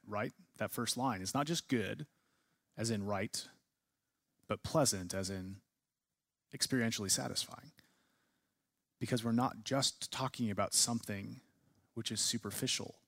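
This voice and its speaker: A man's voice: mid-range voice, fairly bright tone, dry recording, studio quality. A man teaching a class, leading a discussion and asking students many questions. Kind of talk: classroom lecture.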